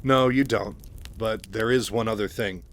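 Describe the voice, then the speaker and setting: A man reading the lines of a sardonic female telepath lieutenant, a bit higher and louder than his own voice. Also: normal speed, natural voice. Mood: matter-of-fact.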